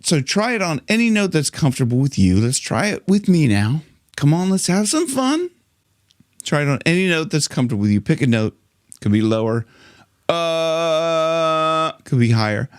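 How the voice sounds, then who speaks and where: A man's voice: a little high, big pitch swings, fairly quick, no echo. A middle-aged vocal coach, his speaking voice swooping up and down with real animation. He talks in a loose, chatty way, stumbling over restarts and stopping to demonstrate with gasps and sung notes. The sound is close and dry, with no room around it. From Ohio, United States.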